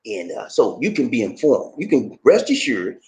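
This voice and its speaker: A man from Charleston, South Carolina, with a Gullah Geechee accent, chatting casually to camera in an animated, laughing way, full of slang like "man" and "baby". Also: medium pitch, moderate pace. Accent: Gullah Geechee, South Carolina Lowcountry. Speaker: vlogger. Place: Philippines.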